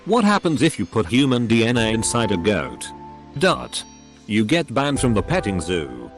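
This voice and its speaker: A man's voice: fairly low pitch, wildly swooping pitch, normal speed. A man reading forum posts aloud, speaking punctuation marks as words. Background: faint background music.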